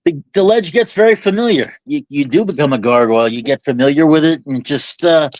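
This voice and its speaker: A man's voice: a little high, fairly quick, few pauses, dry recording. Reflective man speaking in metaphors, dry sound. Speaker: podcast co-host. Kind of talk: candid conversational talk.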